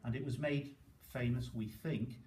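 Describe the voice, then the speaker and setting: A man with a Liverpool accent talks to learners in a chatty, explaining way, often pausing to check that he's understood. His voice sits at an ordinary pitch. He sounds set back from the mic in an echoey room with a faint hiss behind him. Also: fairly even intonation, darkish tone, recorded from a distance. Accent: Liverpool (Scouse). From Liverpool, England. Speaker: speaker giving a talk. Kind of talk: informal talk to learners.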